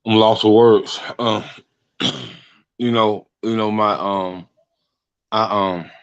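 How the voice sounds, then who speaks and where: A male talk show host speaks in a casual, halting way, retelling conversations with "they was like." His voice is very low. The sound is dry and muffled, like lo-fi call audio. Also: clean tone, no room sound.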